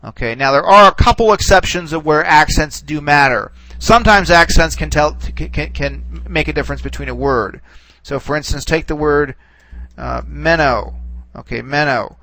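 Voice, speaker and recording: A man teaching a recorded lesson, relaxed and reassuring, who stops and restarts often and checks in with "okay.". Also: fairly high pitch, vocal fry, no echo, rough recording. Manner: halting, full of restarts and "okay"s. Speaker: Greek teacher. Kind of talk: recorded classroom lecture.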